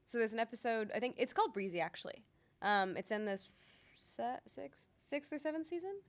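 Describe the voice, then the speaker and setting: A woman's voice: a little high, animated, a little fast. Chatty young woman voice actor. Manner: chatty, lots of ums and likes, laughs easily. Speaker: voice actor guest. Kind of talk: casual interview chat. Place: convention interview.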